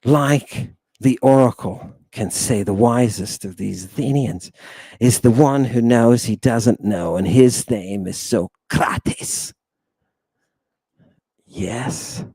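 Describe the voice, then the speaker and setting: A man hosting a playful livestream lesson, hamming it up as he calls out to his viewers. He talks at an unhurried, drawn-out pace in a mid-range voice. The sound is dry and close, with no room around it. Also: medium pitch, warm tone, slightly rough, dry recording. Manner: theatrical, joking, addresses viewers as people. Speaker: online language teacher.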